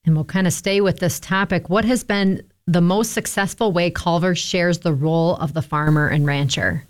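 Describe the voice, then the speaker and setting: A woman hosting a farm news radio segment, reading from a script in an even, steady way. Her voice is on the low side for a woman, and the recording is dry. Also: moderate pace, dry recording. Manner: even, read-aloud delivery. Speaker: agriculture segment host.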